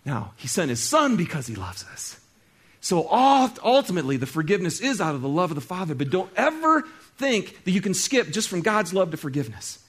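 A male pastor preaching a sermon, talking straight to his congregation and swinging between loud exclaiming and soft, hushed stretches. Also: high-pitched, sing-song, brisk, breathy edge. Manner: conversational, talks straight to the congregation.

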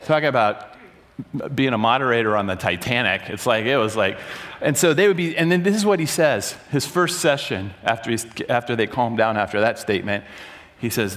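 A man preaching a sermon to a room, telling a story with animated, loud acted-out bursts. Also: medium pitch, brisk. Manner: animated, acts out quotes with sudden loud bursts. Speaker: pastor. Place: large room before an audience.

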